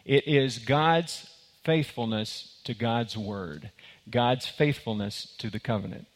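A man's voice: mid-range voice, slow pace. A man preaching to a congregation, pressing his points with emphasis. He restarts and repeats words as he goes, his voice sitting in a middle register. A long hall reverb trails behind each phrase. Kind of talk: sermon with a told joke.

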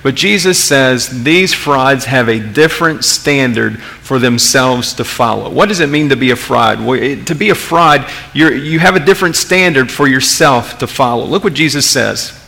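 A man preaching a sermon in a bright, gravelly voice a little higher than most men's. He talks conversationally, piling up rhetorical questions and restarting his sentences. The sound carries a long reverb from a big hall. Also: lively intonation, moderate pace, hardly any pauses. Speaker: pastor.

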